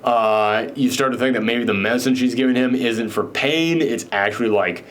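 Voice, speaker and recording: A man of middling pitch talks through a film casually. He rambles, piles up fillers and restarts, and rises animatedly when something excites him. It sounds like a host chatting in his own show. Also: moderate pace, a little hiss or hum.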